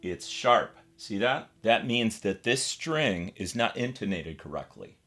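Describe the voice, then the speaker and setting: A man's voice: lowish voice, animated, measured pace, a bit bright. An American man giving a casual, step-by-step guitar setup tutorial, chatting informally while he works on the instrument. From United States.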